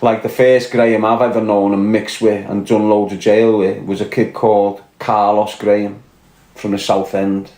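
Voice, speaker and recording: A man's voice: on the low side, little pitch movement, normal speed, a little mellow, roomy sound. A man with a Scouse accent from Liverpool, ranting bluntly and answering viewers on a casual livestream. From Liverpool, England. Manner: blunt, combative, swearing, reading and answering chat. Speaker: livestream host.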